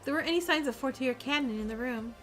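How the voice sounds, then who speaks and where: Brief: woman streamer narrating a visual novel, casual read with slips, high voice. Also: quick pace, a bit bright, faint music behind. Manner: reads narration with small slips and self-corrections. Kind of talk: reading a visual novel aloud on a live stream.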